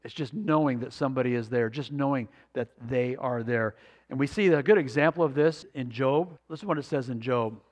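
A man's voice: mid-range voice, brisk, darkish tone, in a large hall. A man preaching a sermon, reading scripture aloud and asking the congregation rhetorical questions. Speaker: pastor.

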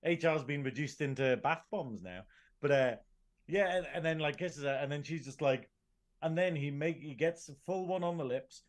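A man's voice: on the high side, moderate pace. Chatty British man retelling scenes. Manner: animated retelling with acted quotes. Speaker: podcast co-host. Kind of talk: casual review chat.

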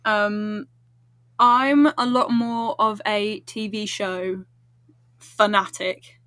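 A woman's voice: medium pitch, fairly even intonation, very slow, pushed and bright, clean tone, no echo. A woman chatting as a podcast guest, bubbly and giggly. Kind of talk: casual podcast chat.

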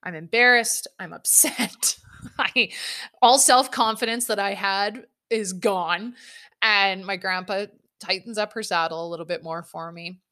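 A woman's voice: medium pitch, measured pace, pushed and bright. A young woman telling a casual personal anecdote, candid and self-mocking, swearing freely as she goes. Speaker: storyteller.

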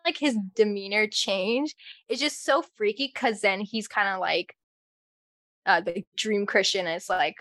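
A woman's voice: medium pitch, a little slow, fairly bright tone, no room sound, studio quality. A young woman co-hosting a podcast who talks casually, rambling through her theories with many fillers. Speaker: podcast co-host. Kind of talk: casual chat.

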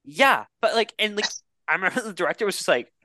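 A young man co-hosting a podcast, his voice bright and forceful. He rambles animatedly through stories and swears freely. The recording is close and dry, with no room sound. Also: sits high, lively intonation, fast, no echo. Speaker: podcast co-host. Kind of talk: casual chat.

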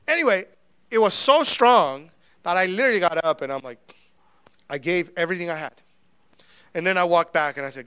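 A male pastor preaching a sermon, telling personal stories in a lively way and acting out the dialogue in them. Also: high voice, moderate pace, long pauses, clean tone, no room sound. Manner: animated storytelling, acting out quoted dialogue.

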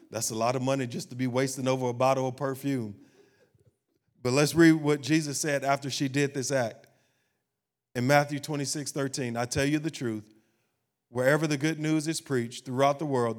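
A man pastor preaching a sermon, building to emphatic, rising peaks and asking the congregation questions. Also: medium pitch.

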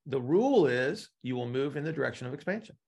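A man's voice: medium pitch, lively intonation, fast, a little mellow, slightly rough. A man teaching a live class, explaining with analogies and often checking in with "right?". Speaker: instructor.

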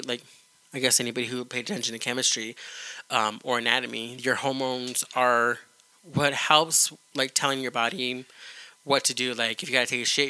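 A man's voice: mid-range voice, sharp tone, clean tone, dry recording. A young adult man co-hosting a podcast, explaining things in an earnest, rambling way. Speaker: podcast co-host. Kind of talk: casual podcast chat.

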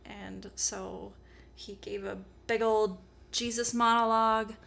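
A woman's voice: medium pitch, steady tone, slow, gravelly, fairly bright tone. A woman hosting a podcast, retelling Bible stories in a chatty, irreverent, slangy way. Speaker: podcast host. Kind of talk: casual comedic storytelling.

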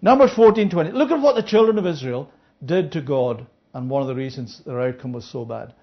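Animated Bible teacher, dull lo-fi recording. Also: mid-range voice, brisk. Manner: checks in with listeners, asking "Yeah?"; acts out the parable's speakers in lively voices. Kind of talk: interactive Bible study teaching.

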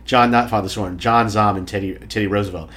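A man's voice: lowish voice, steady tone, quick pace, a bit bright. An older man hosting a casual talk show, joking and rambling with lots of fillers and restarts. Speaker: radio show host. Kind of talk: casual comic chat. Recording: faint background noise.

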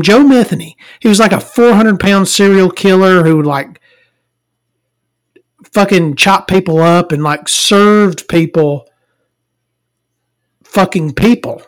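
Exasperated, a woman rants her way through a rambling, profanity-filled story. She swears heavily and swings between loud outbursts and low mutters.

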